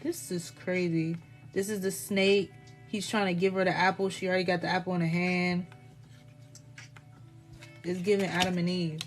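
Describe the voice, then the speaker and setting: A woman's voice: on the low side, little pitch movement, normal speed, long pauses, faint music behind. Blunt, profane woman reading tarot. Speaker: tarot reader. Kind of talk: casual live tarot reading.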